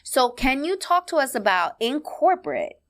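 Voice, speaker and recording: A woman hosting a podcast, asking her guest questions in a relaxed, casual interview. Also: sits high, moderate pace. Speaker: podcast host.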